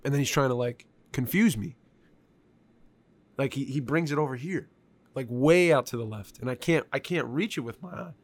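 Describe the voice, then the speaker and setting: Man, casual storyteller, swears a lot, lots of filler words, average pitch, dry close sound. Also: moderate pace, no echo. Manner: profane, animated, with frequent filler words. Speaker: guest telling a story.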